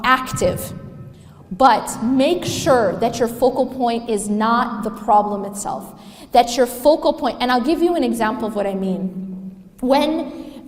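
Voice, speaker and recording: A woman giving an emphatic religious lecture to a live audience. She often asks the listeners questions and recites Arabic verses. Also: fairly high pitch. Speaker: Islamic lecturer. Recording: echoey hall, live talk.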